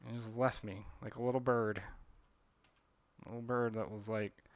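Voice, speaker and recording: A man's voice: fairly low pitch, steady tone, normal speed, dry recording. A man, a comic artist chatting casually on a drawing livestream, rambling with lots of fillers and self-corrections. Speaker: comic artist streaming his drawing work.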